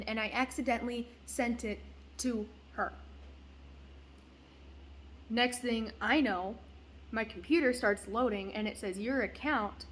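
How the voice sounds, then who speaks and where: A woman's voice: fairly high pitch, a little hiss or hum. A young woman and mother telling a story casually, rambling with fillers and swearing. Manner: rambling, profane, uses many fillers. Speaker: parent.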